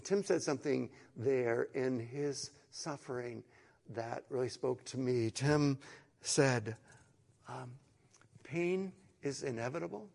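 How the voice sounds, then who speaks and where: A middle-aged man preaching a sermon to an online congregation in an earnest way, moving from hushed, slow phrases to emphatic, louder ones and repeating words as he goes. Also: medium pitch, gravelly, big-room sound. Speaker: pastor.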